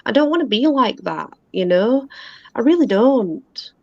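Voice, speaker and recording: A woman's voice: fairly high pitch, animated, unhurried, creaky, no echo. A woman chatting candidly as a guest on a live stream, repeating her points as she goes. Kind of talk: casual chat. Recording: dull, dry lo-fi call audio.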